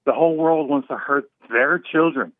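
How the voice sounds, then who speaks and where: A man's voice: fairly high pitch, normal speed, no echo. A man from Houston, Texas, calling into a talk show, casual and annoyed, often asking "you know what I mean". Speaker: caller. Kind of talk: phone call-in chat. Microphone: phone. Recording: tinny phone line, dry.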